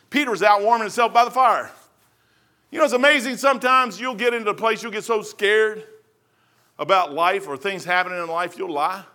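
A man, preaching in a folksy, storytelling way and acting out the voices of people in his anecdotes. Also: sits high. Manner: animated, acts out voices in anecdotes.

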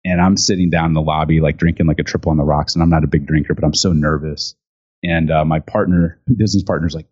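A low-pitched man tells a story in an interview, animated and chatty. He acts out what other people said, with plenty of fillers and restarts. The recording sounds dull and lo-fi. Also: fast. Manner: animated storyteller acting out quotes with many fillers. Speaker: guest, speaker and author on gifting.

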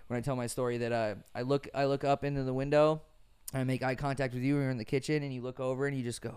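A man's voice: mid-range voice, fairly even intonation, quick pace, clear, resonant tone. A young man hosting a casual podcast, telling earnest stories peppered with swearing. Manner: earnest, profane storytelling. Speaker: podcast host.

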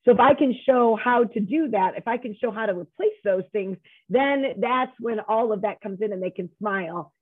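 Her voice fairly high and slightly rough, a middle-aged nonprofit founder talks at a moderate pace in an interview conversation. She tells her story emphatically, restarting often, and the recording is a dry, tinny phone line.

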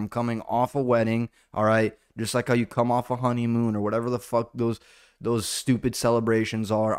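A man hosting a solo comedy podcast in a rambling, profane monologue, now and then jumping into loud, high-pitched bits. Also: smooth.

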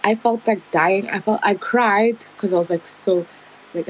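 A woman's voice: medium pitch, normal speed, slight background noise, poor audio. A young woman telling a personal story in a candid, rambling, emotional way. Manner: candid, rambling, emotional retelling with nervous laughs.

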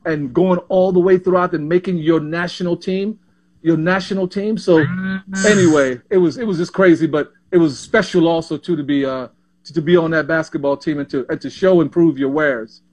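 A man in his sixties tells his stories in a fairly high voice. He is animated and quick to repeat and restart his words as the memories spill out. He speaks as a guest in a relaxed interview. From Panama. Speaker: former pro basketball player, guest. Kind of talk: casual interview storytelling.

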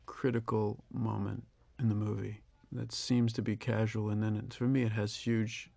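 A man, a film director, giving a reflective audio commentary, thinking aloud with pauses and restarts. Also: fairly low pitch, little pitch movement, creaky, darkish tone, dry recording.

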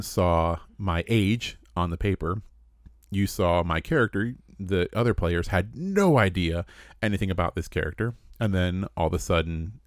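Deep-voiced man, earnest podcast chat. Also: dry recording, studio quality. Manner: earnest and reflective, with restarts. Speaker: podcast co-host and player. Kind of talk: casual chat.

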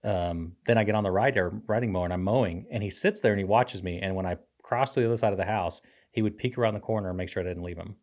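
A man's voice: fairly low pitch, fast, few pauses, darkish tone. A man who is a pastor, telling a rambling story in casual podcast chat, teasing himself and laughing often.

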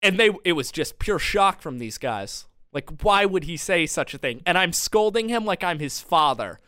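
A young man co-hosting a casual podcast, telling a rambling story with lots of laughs. His voice sits a little high and sounds smooth and clean. The close mic gives a dry, tight sound. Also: moderate pace, dry recording. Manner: animated storyteller, often laughing. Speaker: podcast co-host. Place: home studio.

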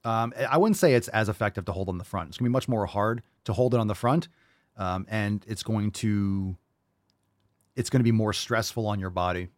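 A man's voice: fairly low pitch, a little fast, no room sound, clean studio sound. A man hosting a fitness podcast, ranting about diet and answering training questions in a profane, combative, mocking way. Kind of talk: ranting call-in fitness show.

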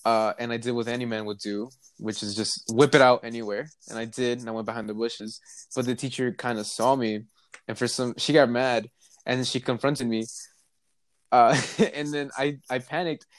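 A man's voice: mid-range voice, steady tone, moderate pace, no echo. Laid-back young man. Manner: laughing, acts out voices in his stories. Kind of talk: casual storytelling chat.

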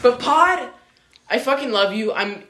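Give me an excitable podcast co-host in casual chat, swinging up and down a lot. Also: medium pitch, unhurried, slight background noise. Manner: loose, excitable, swears freely.

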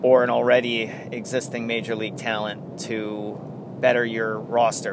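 A man's voice: mid-range voice, flat delivery, normal speed, background noise. A man hosting a casual solo sports podcast, rambling and correcting himself as he goes, with frequent chuckles. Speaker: podcast host.

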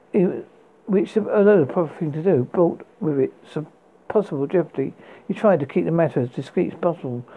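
A man's voice: on the high side, phone-quality sound. A man reading a first-person memoir aloud, stumbling and restarting words often. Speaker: reader.

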